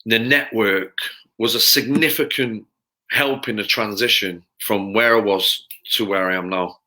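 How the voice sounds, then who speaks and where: Guy on a podcast, super bright edgy voice, rambles and trips over his words. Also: on the low side, steady tone, a little slow. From Manchester, England. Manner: rambling, repeats words, acts out quotes. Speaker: podcast guest, personal trainer. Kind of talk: candid storytelling.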